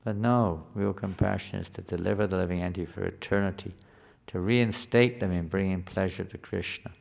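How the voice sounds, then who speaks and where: A man's voice: sits low, fairly even intonation, a little fast, gravelly, darkish tone. A man teaching a scripture class to a live group in a conversational way, often asking the listeners questions.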